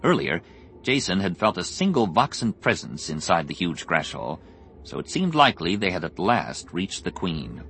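Deep-voiced man narrating an audiobook. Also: slight background noise. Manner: expressive, measured storytelling. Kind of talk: scripted narration. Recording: music playing underneath.

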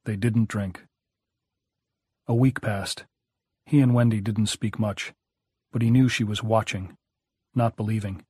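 A man with a low voice reads a novel aloud in a measured, even delivery. The sound is very dry and close, with no room around it. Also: husky, dry recording. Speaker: audiobook narrator. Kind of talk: audiobook narration.

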